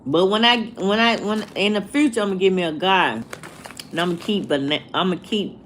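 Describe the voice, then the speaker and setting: A woman, talking to her livestream viewers in a slow, preachy way and asking the same rhetorical questions over and over. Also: mid-range voice, fairly bright tone, slight background noise. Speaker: vlogger. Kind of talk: casual livestream rant.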